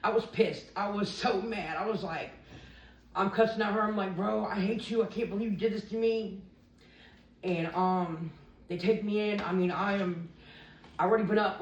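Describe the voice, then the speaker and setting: A woman with a medium-pitched voice recounts her recovery openly in an interview, drifting from point to point and quoting people along the way. There's slight background noise, and the far-off mic makes it sound roomy.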